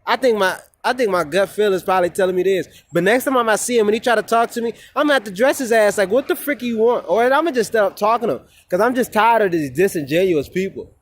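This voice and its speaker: A man's voice: high-pitched, animated, fast, hardly any pauses, slight background noise. A man talking casually to his phone camera outdoors, rambling and profane, often repeating himself. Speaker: vlogger.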